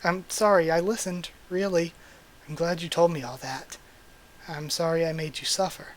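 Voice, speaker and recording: A man's voice: on the high side, steady tone, moderate pace, close to an everyday voice. A man voicing a tall, shy young male wolf as he reads a manga aloud, earnest and awkward, in his own everyday voice.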